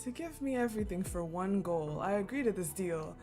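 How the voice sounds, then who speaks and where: A woman's voice: fairly low pitch, animated, brisk, few pauses, dark tone, faint music behind. A woman streamer reading a game story aloud, breaking off to laugh, swear and react. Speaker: gaming streamer.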